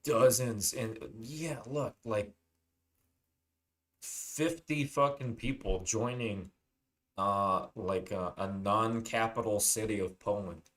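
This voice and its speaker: Low-voiced man swearing through a rambling monologue. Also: slow, fairly bright tone. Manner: rambling, heavy swearing, many fillers. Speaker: channel host. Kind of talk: casual unscripted monologue.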